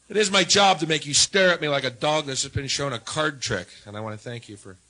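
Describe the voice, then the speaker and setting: A man performing a stand-up routine in a wry, sardonic way, swinging between low mutters and loud jabs. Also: normal speed, low-quality recording. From United States. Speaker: stand-up comedian.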